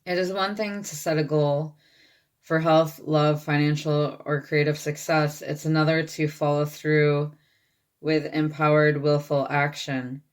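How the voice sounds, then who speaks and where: A woman with a low voice gives a channeled tarot reading. She reads card texts aloud at an even pace and checks in with her listeners now and then. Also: measured pace. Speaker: tarot reader.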